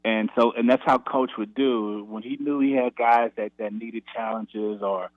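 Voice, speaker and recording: A former college basketball player telling a practice story on a radio interview, animated, acting out the quotes with a raised voice. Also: male voice, on the low side, moderate pace, no room sound. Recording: tinny phone line, dry.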